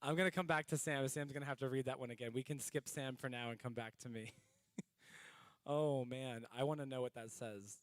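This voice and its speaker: A man's voice: mid-range voice, fairly even intonation, fairly quick. A man co-hosting a church live stream, joking and teasing, then reading announcements as a mock newscaster. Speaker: co-host of a church livestream. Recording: long hall reverb.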